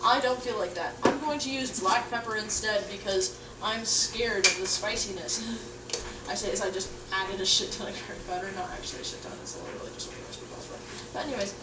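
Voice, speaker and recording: A woman's voice: mid-range voice, brisk. A young woman casually chatting to her livestream audience while cooking at home, goofy and rambling, swearing now and then. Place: home kitchen. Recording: echoey room, mic at a distance, background noise.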